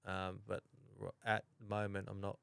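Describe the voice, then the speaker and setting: A young Australian man talks through his story in a casual, halting way, circling back and restarting often. His low voice is smooth and resonant. The room sounds close and dry. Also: completely flat delivery, a bit bright, no echo. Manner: halting, many restarts and fillers. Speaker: podcast guest. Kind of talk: casual chat.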